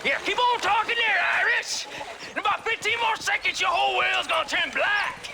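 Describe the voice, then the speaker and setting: An actor playing a cruel, mocking outlaw thug who talks in threats. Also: male voice, very high voice, normal speed, vocal fry, background noise. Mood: menacing.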